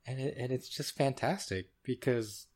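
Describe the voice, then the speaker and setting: A man's voice: medium pitch, normal speed, darkish tone. Man playfully chatting as podcast co-host. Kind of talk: casual chat.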